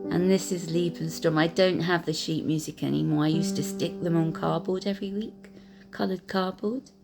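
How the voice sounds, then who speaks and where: A woman and piano teacher gently recalling her own learning, talking hesitantly with many pauses and fillers. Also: on the low side, steady tone, vocal fry. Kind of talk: reflective personal storytelling. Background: piano music.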